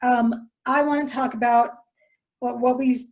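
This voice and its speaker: A woman's voice: a little high, steady tone, measured pace. A woman hosting a podcast interview, chatty and casual, talking with fillers and restarts. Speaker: podcast host.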